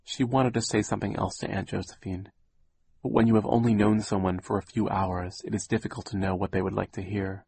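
Gravelly, wry male audiobook narrator. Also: lowish voice. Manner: wry, deadpan, measured storytelling. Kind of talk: scripted narration.

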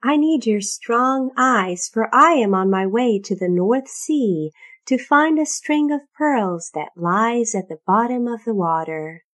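An eager, polite young hero, read by a woman, speaks with open admiration. His voice sits high and swoops through a lively range. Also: takes it slowly. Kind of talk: storybook reading.

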